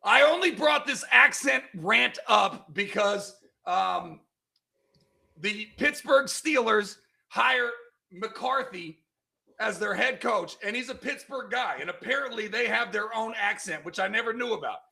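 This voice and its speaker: Loud, gravelly, high-pitched man host. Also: lively intonation, a little slow. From California. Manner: loud, emphatic, argumentative. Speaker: podcast host. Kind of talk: casual sports banter.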